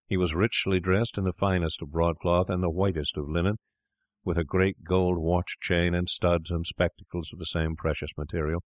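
A man reading a classic story aloud in a measured, deliberate narration. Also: sits low, little pitch movement, dry recording, studio quality.

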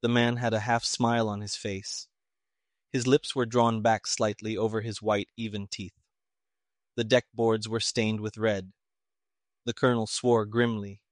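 A man narrating a mystery story in an even, measured reading. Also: on the low side, dry recording, clean studio sound. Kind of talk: audiobook narration of a pulp mystery.

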